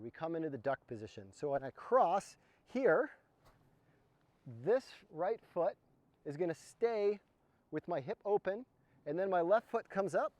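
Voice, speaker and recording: A man with a fairly high voice walks through climbing techniques one step at a time while demonstrating them. The sound is dry and close, with no room echo. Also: a little mellow. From United States. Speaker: mountaineering instructor. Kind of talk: outdoor skills demonstration. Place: snow slope outdoors.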